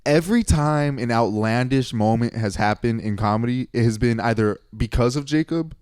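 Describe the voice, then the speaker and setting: A man's voice: medium pitch, moderate pace, a little mellow, smooth, no echo, clean studio sound. A male podcast host chatting casually in an earnest, sincere way, with small restarts as he speaks.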